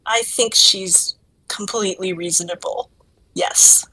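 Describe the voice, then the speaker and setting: A woman's voice: medium pitch, steady tone, a little slow, pushed and bright, no room sound, rough recording. A woman playing a tabletop role-playing game in casual chat, flustered and giggly, often trailing off into hums. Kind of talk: casual tabletop role-play, partly in character.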